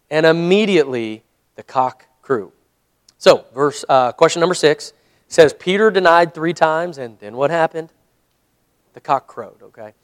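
A man's voice: fairly high pitch, no echo. A man, a pastor, leading a Bible study, reading scripture aloud and explaining it in a conversational way.

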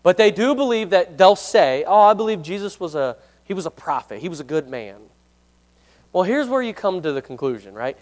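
A man's voice: high voice, very animated, fairly quick, a little mellow. A man leading a casual Bible study for a congregation, chatty and self-deprecating, often asking the room questions and reading verses aloud.

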